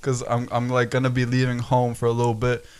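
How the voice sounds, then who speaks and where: A young man in his own podcast, chatting casually with a friend. He is slightly out of breath and keeps a relaxed, slangy flow at an ordinary middle pitch. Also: fast talker, smooth. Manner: relaxed, slangy, laughs easily. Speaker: podcast co-host. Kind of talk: casual chat.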